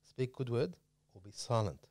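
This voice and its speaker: A man's voice: medium pitch, expressive, moderate pace, a little mellow, no echo, clean studio sound. A man hosting a casual religious talk, emphatic and preachy, pushing up his voice to stress points.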